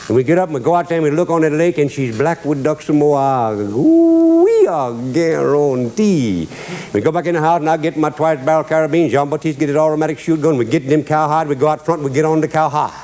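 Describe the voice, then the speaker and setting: A Cajun-accented man hosts a cooking show, his voice on the high side and a bit dark, steady in tone and rapid-fire with hardly any pauses. He mixes kitchen steps with a drawling dialect story, chuckling at his own jokes in a folksy demonstration.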